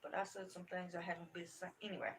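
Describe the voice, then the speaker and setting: A middle-aged woman hosting a live stream from home, telling a story in an animated, emphatic, folksy way. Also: fairly low pitch, racing, a little hiss or hum. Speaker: crochet channel host.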